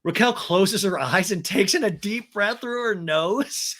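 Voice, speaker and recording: A man's voice: high voice, unhurried, hardly any pauses, fairly bright tone. A man hosting a podcast, giving a comedic recap with sarcastic asides. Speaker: podcast host. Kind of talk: comedic recap of a reality show.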